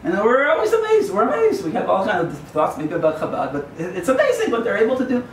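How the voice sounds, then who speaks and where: Rambling, joking rabbi in a hall. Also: male voice, high voice, wildly swooping pitch, fast. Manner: digressive, joking storyteller. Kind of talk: sermon. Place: yeshiva lecture hall. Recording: echoey hall, far from the mic, faint hum.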